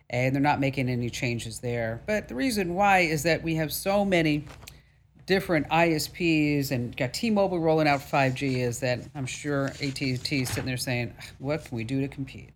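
A woman hosting a radio tech talk show, brassy and jokey, with emphatic delivery and playful asides. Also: deep voice.

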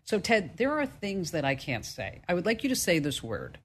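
A woman's voice: on the low side, wildly swooping pitch, normal speed, husky. Jersey accent lady hosting a tech call-in show, chatty and jokey. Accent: New Jersey. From New Jersey. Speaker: radio tech show host. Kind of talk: call-in radio chat.

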